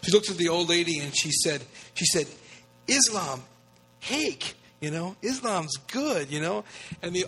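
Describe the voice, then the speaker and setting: An earnest man from the United States tells a story in a relaxed, conversational way, restarting his sentences often. His voice sits somewhat high for a man. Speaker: guest speaker on evangelism.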